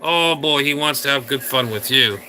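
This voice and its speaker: A man's voice: medium pitch, sharp tone. A man hosting a casual livestream, rambling and ranting crudely at viewers in chat. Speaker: livestream host.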